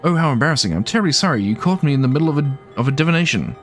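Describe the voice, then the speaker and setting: A man's voice: on the high side, lively intonation, very fast, faint music behind, natural voice. A man voicing an anxious, flustered older female village mayor in a game, fretful and stammering.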